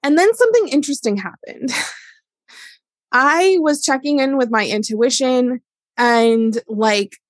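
Woman, middle-aged, fairly high voice, dry recording, casual candid monologue, filler "like". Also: lively intonation, slow, no echo. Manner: candid, chatty, heavy use of "like". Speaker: wellness educator and business owner. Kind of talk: casual solo podcast monologue.

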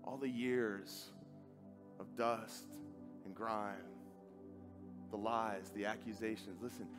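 A man preaching a sermon with an earnest, dramatic delivery, acting out quoted dialogue and dropping to a soft, quiet voice. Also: fairly low pitch, fairly even intonation, slow pace. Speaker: pastor. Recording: faint music behind.

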